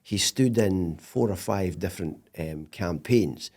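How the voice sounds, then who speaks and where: A middle-aged man with a Scottish accent, a podcast guest telling stories in casual interview chat, animated and laughing often. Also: deep voice, measured pace.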